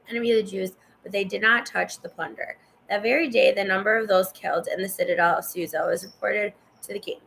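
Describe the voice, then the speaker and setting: A woman's voice: medium pitch, gravelly, fairly bright tone, slight background noise, rough recording. A woman reading scripture aloud in a casual way, stumbling over hard names and stopping to cough. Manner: stumbles over names, chatty asides to the viewer. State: coughing and yawning. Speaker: Bible reader.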